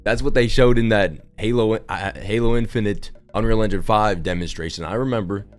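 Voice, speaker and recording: A man's voice: on the low side, steady tone, fairly quick. A young man giving casual, sarcastic spoken commentary, who swears freely while riffing on his opinions. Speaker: gaming video creator.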